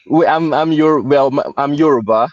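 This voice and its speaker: A man's voice: fairly high pitch, moderate pace, dull audio. A Canadian-born man of Nigerian background on a livestream panel, talking hesitantly with many fillers and restarts. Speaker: guest. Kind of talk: casual livestream panel talk.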